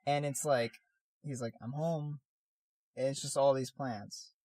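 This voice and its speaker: A man's voice: medium pitch, fairly even intonation, unhurried, mellow, dry recording. A man co-hosting a podcast in casual chat, rambling with lots of "like" and restarts as he gathers his thoughts. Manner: rambling, many fillers and restarts. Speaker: podcast co-host, artist.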